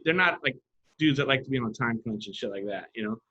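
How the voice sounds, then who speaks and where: A man's voice: mid-range voice, quick pace, breathy edge, muffled recording. A man, a graffiti artist telling stories in casual chat and acting out other people's lines. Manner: animated storyteller, acts out other people's lines in quotes. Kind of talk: casual storytelling.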